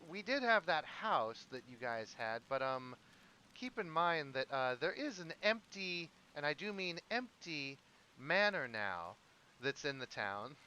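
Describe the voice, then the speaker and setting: A man voicing an easygoing male townsfolk leader who rambles with fillers, pitched above his own voice. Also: very animated, a little slow, bright, forceful tone, clear, resonant tone, heavily acted. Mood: upbeat.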